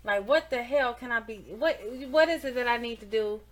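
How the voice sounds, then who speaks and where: A woman's voice: on the high side, fairly quick. A woman co-hosting a casual podcast in a small studio, chatty and giggly, with trailing fillers. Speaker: co-host.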